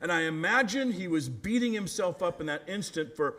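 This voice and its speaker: A man, a pastor, preaching a storytelling sermon, acting out quoted voices and often adding "right?", sometimes dropping to a hushed, gentle voice. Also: sits high, expressive, moderate pace. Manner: drops to a hushed, gentle voice for tender moments.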